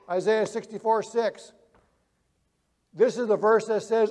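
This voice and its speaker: A male preacher telling vivid illustrations, swinging from loud emphasis to hushed quiet. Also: sits high, steady tone, unhurried, in a large hall. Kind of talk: sermon.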